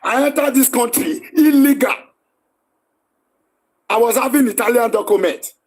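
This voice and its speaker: Heated Nigerian male stream host, raised husky voice, barks orders and repeats himself. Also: very high-pitched, moderate pace, a little mellow. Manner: combative, scolding, repetitive. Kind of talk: heated live-stream argument.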